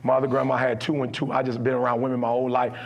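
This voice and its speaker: Middle-aged male motivational speaker, husky, gravelly voice, acts out dialogue in his stories and swells into impassioned preaching. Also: mid-range voice, completely flat delivery, racing, lo-fi sound. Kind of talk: motivational speech with storytelling.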